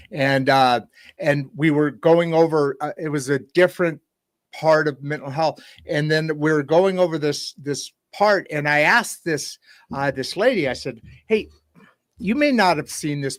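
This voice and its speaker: A man's voice: fairly high pitch, no echo, clean studio sound. A man hosting an interview, who talks in rambling stretches full of restarts and is moved while retelling a story. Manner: rambling, with many restarts and false starts. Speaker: podcast host. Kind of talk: conversational interview.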